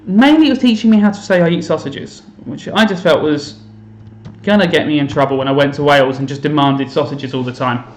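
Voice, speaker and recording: A man with a highish voice talks briskly in a reverberant home room, with a slight hiss or hum on the audio. He's a teacher live-streaming a game to students, chatting casually, teasing himself and thinking aloud.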